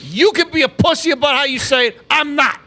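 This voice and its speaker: A man, co-hosting a podcast, ranting loudly about basketball with constant swearing and frequent shouting. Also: extremely high pitch, fairly quick. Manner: loud, swearing, shouting often. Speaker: podcast co-host. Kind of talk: profane sports rant.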